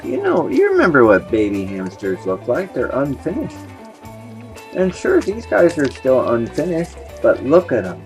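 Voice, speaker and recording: A playful, cooing voice in their fifties narrates pet footage in easy, rambling chat. The pitch sits in a comfortable middle range, and clear background music plays the whole time. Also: huge pitch swings, normal speed. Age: 50s. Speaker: pet vlogger.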